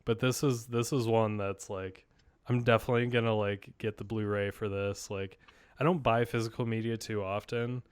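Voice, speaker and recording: A man's voice: fairly low pitch, fairly even intonation, normal speed, clear, resonant tone. A man co-hosting a podcast, chatting casually and enthusiastically with lots of fillers and restarts. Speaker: podcast co-host. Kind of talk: casual chat.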